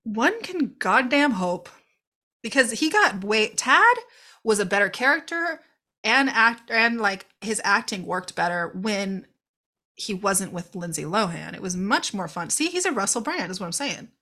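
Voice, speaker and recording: Medium in pitch, this woman sounds very animated, bright, and forceful, though a little slow. She co-hosts a podcast and casually discusses a film, laughing and swearing while impersonating its characters.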